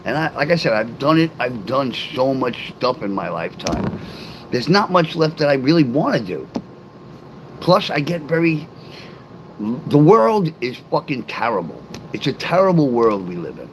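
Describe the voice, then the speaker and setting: A man's voice: medium pitch, big pitch swings, normal speed, slight background noise, low-quality recording. A middle-aged man rambling casually on a livestream, talking straight to his chat and reading their comments aloud. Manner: reads and answers live comments aloud.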